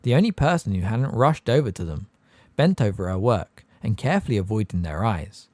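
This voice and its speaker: Give me a male audiobook narrator with an expressive, lively storybook delivery. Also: fairly low pitch, brisk, no echo. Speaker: audiobook reader.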